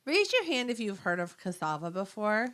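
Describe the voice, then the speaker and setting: A woman's voice: mid-range voice, very animated, normal speed, fairly bright tone. A woman from California co-hosting a podcast, joking and swearing in a casual chat with her friend. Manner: laughing, joking, profane banter. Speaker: podcast co-host.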